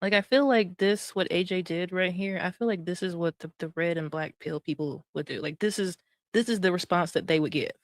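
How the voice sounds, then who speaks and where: A woman's voice: fairly low pitch, a little fast, no room sound, studio quality. A woman streamer giving casual commentary on a clip, chatty and laughing often, with many fillers. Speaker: streamer reacting to clips.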